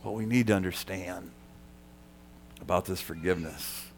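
A man preaching a sermon, talking straight to the congregation, dropping to a quiet murmur and then rising loud for emphasis. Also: slow pace, gravelly, slight background noise. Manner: swings from soft and quiet to loud and high for emphasis; conversational, addresses listeners directly. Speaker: pastor.

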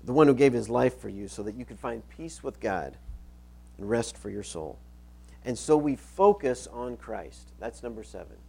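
A middle-aged man delivers a sermon as a pastor, reading scripture aloud and repeating key phrases to drive them home. His voice has a gravelly edge and a dark, mellow tone. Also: mid-range voice, animated, normal speed.

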